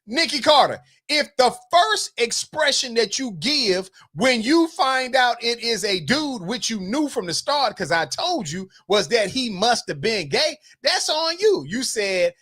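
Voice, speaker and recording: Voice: medium pitch, sing-song, a little slow, fairly bright tone. A host from the Carolinas reads viewer comments aloud on a livestream, teasing and scolding the chat in a loose, chatty way. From North Carolina, US South.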